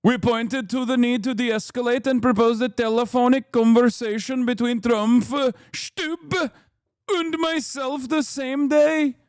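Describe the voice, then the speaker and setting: A man's voice: very high voice, steady tone, measured pace, clean tone, no echo, clean studio sound, voice pushed up. A man putting on a stiff Norwegian-accented prime minister. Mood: formal. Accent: put-on Norwegian. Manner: stiff formal statement reading. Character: Norwegian male prime minister, formal, measured.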